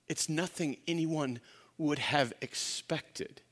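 A male pastor, high-pitched and speaking at normal speed, delivers a sermon built around an energetic story. He plays out the quotes and regularly restarts his sentences.

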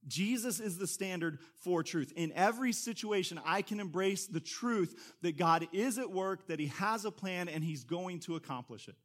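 A man preaching a sermon as a pastor in a conversational, animated way, with quick asides to the congregation. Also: high voice.

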